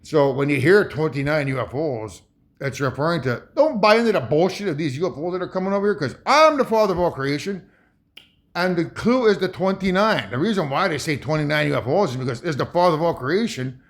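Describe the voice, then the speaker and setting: Profane, heated man, fairly high voice. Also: lively intonation, fairly quick. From Ontario, Canada (Saugeen First Nation). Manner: heated, profane, emphatic with many restarts. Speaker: video commentator. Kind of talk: rambling commentary over a video.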